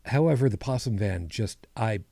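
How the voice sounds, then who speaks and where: A man's voice: on the low side, expressive, measured pace, creaky, mellow, no echo. A man co-hosting a podcast, chatting casually with a rambling, self-correcting manner and dry humor. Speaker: podcast co-host. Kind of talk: casual chat.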